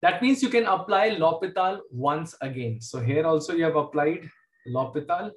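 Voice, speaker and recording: Casting: Indian English male math teacher, high voice, patient step-by-step delivery. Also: animated, normal speed, roomy sound. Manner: explains step by step, repeats key points. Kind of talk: classroom lecture.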